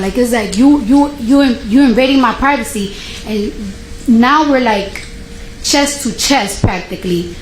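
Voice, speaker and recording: A woman testifying as a witness in court, telling her story in an animated way and acting out what people said. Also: a little high, normal speed. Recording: echoey courtroom, faint noise.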